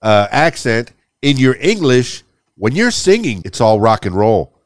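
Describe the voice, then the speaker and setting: A male podcast host who asks his questions in a loose, rambling way and wanders into anecdotes. His voice is smooth and resonant, and it is recorded close and dry with no room echo. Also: medium pitch, very animated, unhurried. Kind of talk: casual interview chat.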